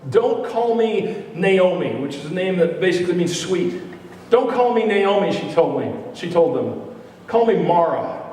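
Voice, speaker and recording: A man's voice: on the high side, a little mellow, slight background noise. A man preaching a sermon as pastor, talking in a loose, conversational way with joking asides to the congregation. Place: church sanctuary. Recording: echoey hall, mic at a distance.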